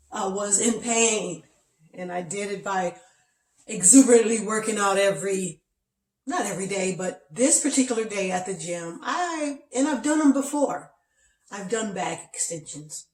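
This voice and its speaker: A woman's voice: mid-range voice, moderate pace, darkish tone, echoey room, distant mic. A woman chatting to camera from her bed and explaining things step by step. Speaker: vlogger. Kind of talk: casual talk to camera. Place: bedroom, lying in bed.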